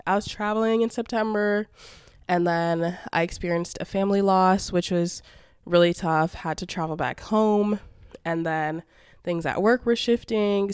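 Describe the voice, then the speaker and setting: A woman in her twenties, her lowish voice clean and free of room sound at studio quality, hosts a casual podcast on her own. Despite a congested nose and sore throat, she's chatty and sassy, calling listeners "babes" and "girl."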